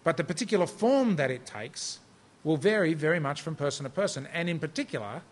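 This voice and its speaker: A man's voice: a little high, animated, a little fast. A middle-aged man from Australia preaching a sermon in a conversational, self-deprecating storytelling manner.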